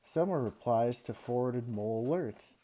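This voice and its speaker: Dark-voiced man reading a story aloud. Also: medium pitch, normal speed. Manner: expressive storytelling. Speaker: teacher. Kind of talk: read-aloud of a children's chapter book.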